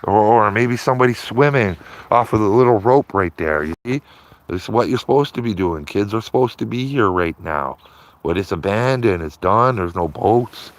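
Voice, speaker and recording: A man's voice: fairly low pitch, normal speed, no echo. A man chatting casually to his livestream viewers from outdoors by a river, rambling and repeating himself, ending phrases with "man". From Canada. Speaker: livestreaming auditor.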